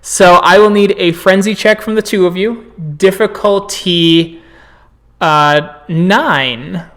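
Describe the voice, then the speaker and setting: A man's voice: high voice, slow pace, a bit bright. Male storyteller narrating graphic action. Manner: vivid, graphic descriptions with sound effects. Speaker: game master. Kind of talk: narrating a tabletop game.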